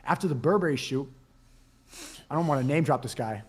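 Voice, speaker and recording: A man's voice: mid-range voice, lively intonation, fairly quick, breathy edge. A young man speaking hesitantly in casual stream chat, with many restarts as he tells a confessional story. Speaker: former model, stream guest.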